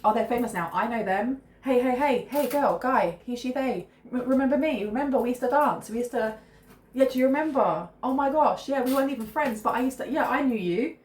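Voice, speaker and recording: A woman voicing a fawning old acquaintance who gushes with overeager excitement. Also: on the high side, brisk, reverberant, pitched above the performer's own voice, natural voice. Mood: gushing. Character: gushing old acquaintance begging for attention.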